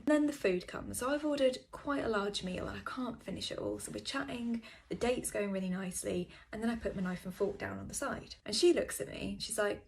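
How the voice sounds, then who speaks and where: A woman's voice: mid-range voice, fast, creaky, few pauses. A British woman in her late twenties telling a casual storytime and acting out both sides of the talk. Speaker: storyteller in a TikTok clip.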